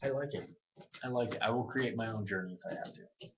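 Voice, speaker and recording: A man ranting casually into his webcam, animated and profane, acting out other people's lines as he goes. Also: mid-range voice, quick pace, dull audio, slight background noise. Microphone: webcam mic.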